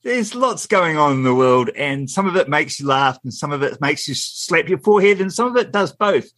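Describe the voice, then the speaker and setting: A man with a New Zealand accent chats casually on a podcast, his throat a little scratchy. He rambles and hesitates, with his voice sitting a bit high. He is close to the mic in a dry, dead room. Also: expressive, normal speed, fairly bright tone, no echo. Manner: rambling, hesitant, lots of fillers. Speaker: podcast co-host. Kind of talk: casual chat.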